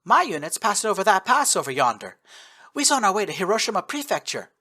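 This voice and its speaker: A man's voice: high voice, big pitch swings, fast, voice pushed up, exaggerated voice. A man putting on a brash Texan woman soldier. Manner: folksy drawl, loud and brash. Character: brash Texan female soldier, young sniper.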